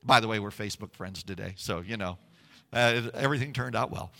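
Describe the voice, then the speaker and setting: A man preaching a sermon, telling stories with swings from hushed tones to loud, emphatic passages. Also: fairly low pitch, a little fast, gravelly, in a large hall. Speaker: pastor.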